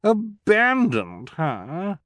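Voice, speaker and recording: A shrill, preening villainess shrieks with glee, her voice far above a man's usual pitch, as a male narrator puts her on. The delivery swoops and leaps between high notes. The audiobook sound is dry and close. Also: very animated, slow pace, a bit bright, dry recording, exaggerated voice. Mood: gleeful. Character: shrill vain villainous woman, fashion-obsessed.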